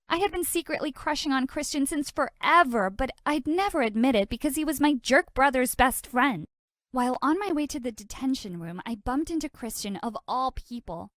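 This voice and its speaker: A woman narrating an animated drama in the first person, lively and exaggerated with comic outbursts. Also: fairly high pitch, dry recording, clean studio sound.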